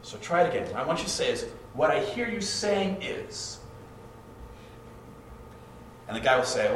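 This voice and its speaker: A man's voice: fairly high pitch, big pitch swings, normal speed, long pauses, a bit bright, a little hiss or hum. A man preaching a sermon in a conversational way, acting out short quoted exchanges, heard from a distance in an echoey hall. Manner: conversational, acts out quoted couples. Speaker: pastor.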